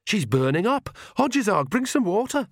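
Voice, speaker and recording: Blunt young witch, impatient and sharp, pitched well up, read by a male narrator. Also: sing-song, normal speed, dry recording, studio quality. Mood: sharp, urgent.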